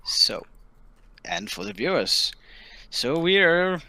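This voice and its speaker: Slow, bright-voiced man running a game. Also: on the high side, big pitch swings, vocal fry, no echo. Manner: hesitant, many ums and restarts. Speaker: dungeon master. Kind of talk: narrating a tabletop game.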